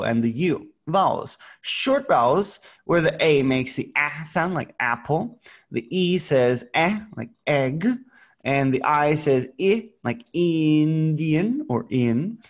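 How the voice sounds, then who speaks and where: A man gives an English lesson to young learners over a video call. He talks at a very unhurried pace, spelling out sounds with patience. Now and then he breaks into playful sound effects. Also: mid-range voice. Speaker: English teacher. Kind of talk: online English lesson for children.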